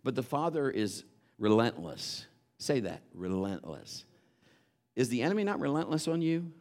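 A male preacher delivers a sermon, telling a story. His voice sits in a middle register and climbs into shouted exhortations. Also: medium pitch, very animated, moderate pace.

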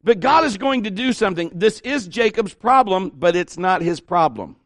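A middle-aged pastor preaching an animated sermon, acting out the people he quotes. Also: high voice, normal speed, no room sound, clean studio sound.

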